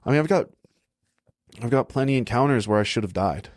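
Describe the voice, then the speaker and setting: A man's voice: mid-range voice, lively intonation, brisk, a little mellow, no room sound, clean studio sound. A young adult man, a podcast guest, telling stories in a laid-back way, often tagging sentences with "right?" and "like". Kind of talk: casual storytelling.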